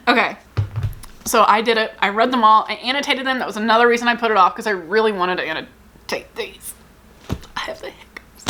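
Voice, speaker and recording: A woman's voice: fairly high pitch, quick pace, pushed and bright, a little hiss or hum. A young woman chatting casually in a book vlog, rambling and giggling as she gushes and cuts herself off. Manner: rambling, giggly and gushing, self-interrupting. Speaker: book vlogger. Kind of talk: casual chat.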